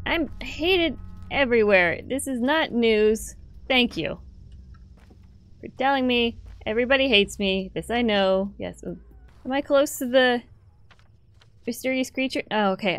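A woman gamer giving playful let's play commentary, swearing now and then and breaking into excited squeals. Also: fairly high pitch, no echo. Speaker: gamer playing a story game.

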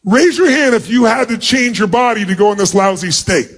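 This man has a high-pitched voice with lively intonation. Speaking to a large crowd at a live motivational seminar in a big auditorium, he commands the audience, calls for responses, and acts out rapid mock greetings.

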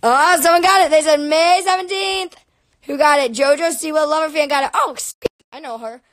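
Bubbly high-voiced female live-streamer. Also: normal speed, dry recording. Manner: bubbly, excitable and chatty. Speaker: livestream host. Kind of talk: casual live-stream chat with viewers. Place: her bedroom. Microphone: laptop or phone live stream.

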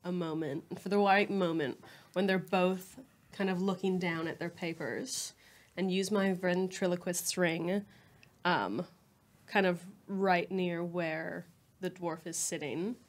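A woman's voice: on the low side, fairly even intonation, slow pace. A woman playing a tabletop game, describing her character's moves casually and laughing often. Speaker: player.

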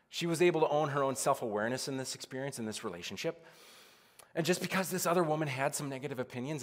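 Chatty pastor preaching in a reverberant church. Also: male voice, mid-range voice. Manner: casual, chatty preaching with many "like"s and acted-out quotes. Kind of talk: conversational sermon. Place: church sanctuary.

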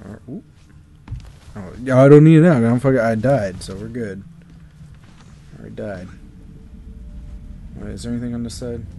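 A man's voice: medium pitch, moderate pace, long pauses, dark tone, a little hiss or hum. A young man commentating a video game, ranting and swearing in exasperation as he plays. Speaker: let's play commentator. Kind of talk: frustrated gameplay commentary.

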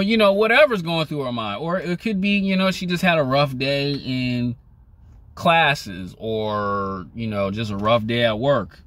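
A young man vlogging casually to the camera, rambling with many "you know" fillers in a laid-back conversational way. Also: fairly bright tone. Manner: laid-back and conversational, pitch rises when acting out lines.

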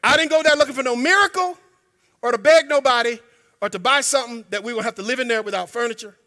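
A man preaching a sermon in a church, emphatic and colloquial, sometimes breaking into shouts. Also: very high-pitched, fast. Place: church sanctuary. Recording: long hall reverb.

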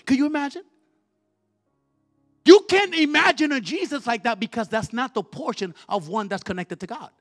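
A male evangelist preaching a fiery sermon in a church, leading call-and-response and swinging from quiet words to shouted, repeated lines. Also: extremely high pitch, expressive, a little slow, long pauses. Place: church sanctuary. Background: faint music from the musicians.

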